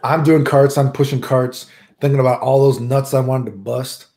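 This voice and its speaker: Man, crude casual storytelling, rambling, keeps adding "right?", mid-pitched, echoey room. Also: flat delivery, normal speed, a little mellow. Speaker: storyteller host. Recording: roomy echo.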